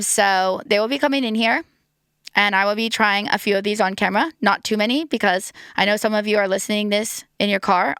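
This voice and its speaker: A woman's voice: mid-range voice, a bit bright, clear, resonant tone, no echo, clean studio sound. An American woman hosting a casual solo podcast, hungover and rambling, with lots of "like" and "um". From United States. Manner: rambling and chatty, full of "like" and "um". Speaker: podcast host.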